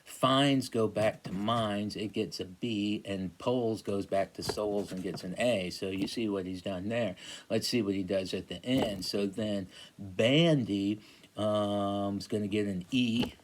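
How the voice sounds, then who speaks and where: A man's voice: fairly low pitch, a little slow, background noise. A man in his forties giving a casual recorded lecture on poetry, thinking aloud with many fillers and checking in with "right?". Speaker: teacher.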